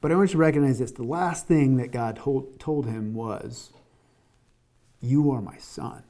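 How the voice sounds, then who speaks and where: A man's voice: mid-range voice, normal speed, warm tone. A man giving a conversational sermon, often repeating words as he restarts and acting out the quotes he tells. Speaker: preacher.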